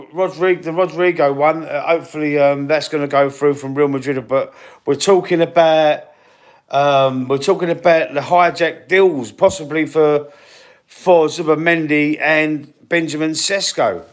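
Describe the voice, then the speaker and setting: A man's voice: medium pitch, a bit bright. A man from East London with a Cockney accent, hosting a casual football live stream, rambling and chatty with many fillers and a runny nose. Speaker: football channel host.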